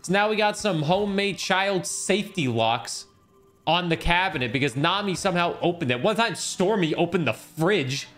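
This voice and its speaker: A man's voice: high voice, expressive, moderate pace, fairly bright tone, faint music behind. A young man streaming a game, chatting casually in a rambling, joking way and swearing freely. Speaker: gaming streamer. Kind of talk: casual chat over gameplay.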